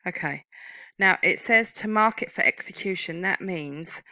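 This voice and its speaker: A woman's voice: fairly low pitch, measured pace, bright, forceful tone, no echo, rough recording. A woman giving a screen-recorded typing lesson, patiently explaining each term and step. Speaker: typing tutor.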